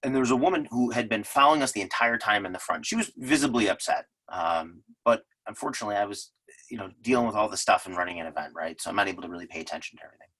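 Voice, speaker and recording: A man's voice: on the low side, racing, fairly bright tone, rough recording. A man giving an unscripted talk, telling earnest stories with many fillers and restarts. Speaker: lodge presenter.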